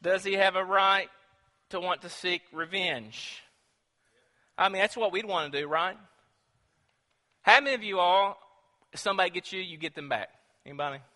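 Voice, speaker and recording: A man preaching a sermon in a church, telling a story in an animated way, acting out voices and putting questions to the congregation. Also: high-pitched, normal speed, pauses often. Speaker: pastor. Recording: long reverb in a church hall.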